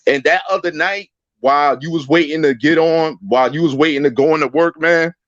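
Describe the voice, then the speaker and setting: A man's voice: fairly high pitch, fairly quick, a bit bright, dry recording. A man calling into a livestream, talking loosely with lots of slang and fillers. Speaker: guest caller. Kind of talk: casual call-in chat. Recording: dull, lo-fi dry sound.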